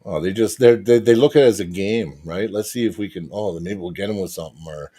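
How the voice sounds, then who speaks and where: A Canadian man on a podcast, low in pitch, ranting hard and swearing at nearly every turn. His talk is casual and heated, full of quoted back-and-forths acted out with gusto. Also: quick pace, slightly rough. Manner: swears freely, ranting and animated. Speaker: podcast host.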